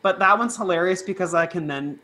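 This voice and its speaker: A woman's voice: on the low side, a little fast, sharp tone. A woman who teaches music, chatting casually as a podcast guest, rambling and laughing often with lots of fillers. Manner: giggly, rambling storyteller with many fillers.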